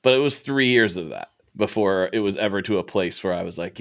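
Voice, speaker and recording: A middle-aged man hosts a podcast and speaks in a fairly low voice. He tells stories reflectively, quoting his own past thoughts as he goes. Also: brisk, a bit bright. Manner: reflective, storytelling with quoted thoughts. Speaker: podcast host. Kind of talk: casual interview chat.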